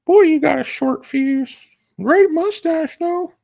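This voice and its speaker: A man voicing a cheeky, whiny young boy in a high falsetto. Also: takes it slowly, gravelly, a little mellow, exaggerated voice.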